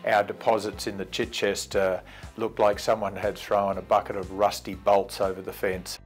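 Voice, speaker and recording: A man's voice: on the low side, level tone, normal speed, soft background music. A man recalling past criticism wryly in an interview.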